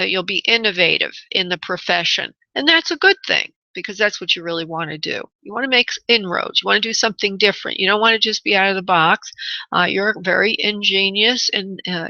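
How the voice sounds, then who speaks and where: Bright-voiced chatty woman radio psychic. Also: mid-range voice, no room sound, highs cut off. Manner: chatty, many fillers, calls callers honey and love. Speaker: psychic medium radio host. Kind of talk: call-in radio reading.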